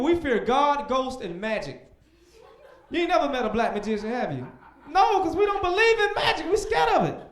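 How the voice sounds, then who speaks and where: This young male comic has a high voice that swings across a wide range, performing stand-up in an echoey club room. He stays animated on stage and yells his punchlines.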